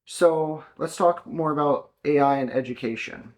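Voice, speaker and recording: A man's voice: fairly high pitch, moderate pace. A man interviewing a guest, asking questions and giving short encouraging replies.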